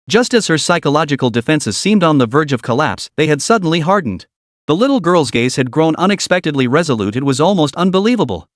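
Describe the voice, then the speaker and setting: A man's voice: on the high side, dry recording, studio quality. A man narrating a scripted story in a dramatic recap reading.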